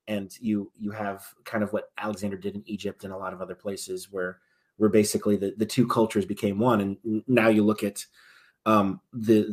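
A man's voice: on the low side, a little mellow. A man, a military veteran, talking casually as a podcast guest, often restarting his sentences and swinging between emphatic and trailing-off delivery.

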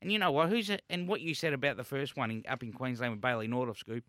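A man's voice: medium pitch, fast, no echo, studio quality. An Australian man co-hosting a racing radio show, arguing his opinions with heat. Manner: animated, heated opinions. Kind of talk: casual radio banter. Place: radio studio.

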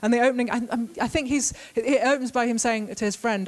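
A woman giving a live talk to an audience as a guest author, witty and brisk with deadpan asides. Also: a little high. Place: event venue with a live audience.

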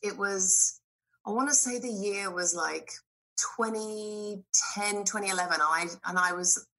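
Brief: British actress guest in her 40s, bright tense tone, animated and salty, laughs through her stories. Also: medium pitch, unhurried, rough recording. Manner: animated, laughing, profane storyteller. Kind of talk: casual podcast chat.

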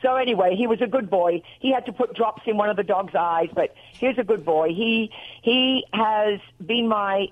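A woman's voice: medium pitch, normal speed, few pauses, phone-quality sound. A middle-aged woman with an Australian accent, chatting on the phone as a radio guest, rambling and jumping between thoughts. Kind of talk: casual phone chat. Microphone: telephone.

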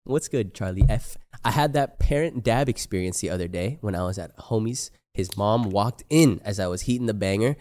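A man's voice: lowish voice, fairly quick, few pauses, darkish tone. Laid-back young man laughing through chat. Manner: laid-back, laughs often, swears freely. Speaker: podcast co-host. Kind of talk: casual chat reading comments.

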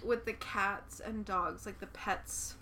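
A woman's voice: medium pitch, steady tone, slow pace, pushed and bright, slight background noise. A young woman co-hosting a casual chat, giggling often and filling her talk with "like". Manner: giggly, lots of "like" fillers. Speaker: podcast co-host.

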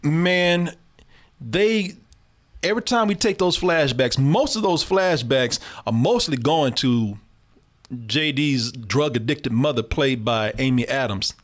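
A man reviewing a movie in casual chat, animated and profane, laughing often and addressing his listeners as "people". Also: mid-range voice, slow pace.

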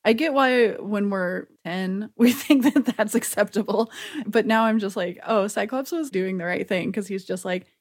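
A woman's voice: medium pitch, moderate pace. Wry young woman in casual chat. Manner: laughing, wry commentary. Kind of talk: casual chat recapping a cartoon.

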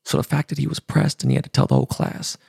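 A middle-aged man with a deeply gravelly, fry-heavy voice talks straight into the mic in a dry, close sound. He tells a personal story candidly, with emotion and casual swearing, in a loose podcast monologue. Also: big pitch swings, quick pace, a little mellow, no echo. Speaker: podcast host.

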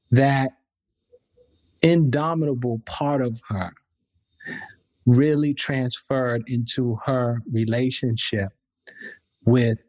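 A male professor talks slowly and reflectively as a guest, taking his time over each thought. His pitch sits in the middle range. The recording is dry and close. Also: dry recording. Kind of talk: interview answers.

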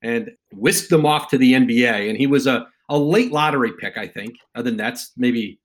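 Podcast host in casual interview chat. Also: male voice, mid-range voice, normal speed. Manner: reflective, recalls details with some hesitation.

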